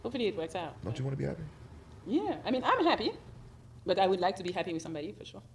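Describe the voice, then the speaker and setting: A woman's voice: on the low side, big pitch swings, rapid-fire, a little hiss or hum. A woman in a casual, giggly chat, teasing and laughing often.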